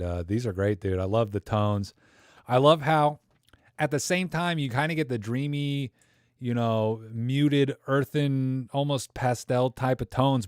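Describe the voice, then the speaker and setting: A man's voice: medium pitch, darkish tone, dry recording. Man hosting a casual, dry-sounding livestream. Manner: rambling, enthusiastic, slangy. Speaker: livestream host. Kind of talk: casual live Q&A chat.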